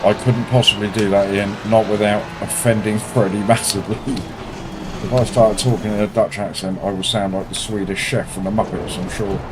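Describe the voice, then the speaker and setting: A man streaming a sim race, commenting live and bantering with viewers in an excitable, self-mocking way. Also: on the low side, brisk. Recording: loud racing game engine noise behind.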